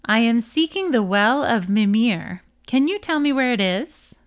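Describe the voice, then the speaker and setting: An earnest male god answers calmly and with quiet resolve, voiced by a woman reading aloud. He speaks slowly and evenly. The sound is close and dry. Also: on the high side, dry recording. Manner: calm, earnest. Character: calm, determined male god on a quest.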